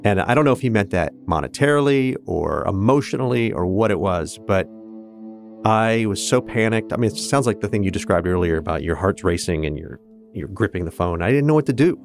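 A man's voice: fairly low pitch, lively intonation, brisk, vocal fry, faint music behind. A man in his fifties from Kansas, a guest telling his own story earnestly and reflectively, with hesitant restarts. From Kansas, USA. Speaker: interview guest. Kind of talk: personal storytelling in conversation.

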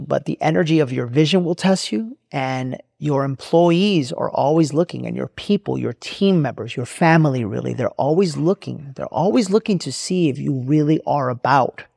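A man's voice: a little high, expressive, normal speed, vocal fry, darkish tone, slightly rough, no echo, studio quality. A man hosting a podcast, telling a personal story in an emphatic, preachy way and repeating his phrases for effect. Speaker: podcast host. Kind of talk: motivational storytelling monologue.

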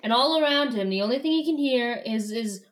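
A woman with a fairly high voice, chatting casually as she recaps a book chapter. She retells scenes playfully and slips into quick put-on lines for the characters. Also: expressive. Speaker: podcast co-host.

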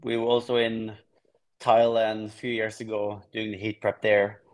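Relaxed man from Norway, low voice. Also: moderate pace. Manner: relaxed, explains plainly with frequent restarts. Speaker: guest triathlete. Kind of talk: casual podcast interview.

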